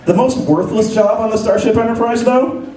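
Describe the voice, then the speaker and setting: A man doing live stand-up comedy on a convention stage, ranting with animated, profane energy. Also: sits high, fairly quick, very noisy. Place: convention stage, large hall. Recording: echoey hall recording, mic far off. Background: audience laughing.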